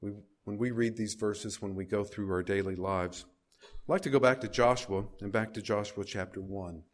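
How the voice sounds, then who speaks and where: A man's voice: fairly low pitch, normal speed. A man preaching a sermon, reading scripture aloud and putting questions to his listeners. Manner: reads scripture aloud with rising emphasis, asks the congregation questions.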